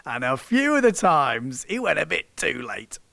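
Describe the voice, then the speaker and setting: A man's voice: on the high side, very animated, measured pace, creaky, very noisy. A man, a windsurfing coach hosting a video, joking and laughing as he talks over clips of his students. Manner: jokey, laughing, shouts encouragement. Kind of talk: casual commentary over video.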